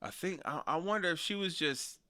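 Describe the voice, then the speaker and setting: A young man casually reacting to wrestling news, slangy and animated, laughing often. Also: fairly high pitch, brisk. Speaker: wrestling commentary streamer.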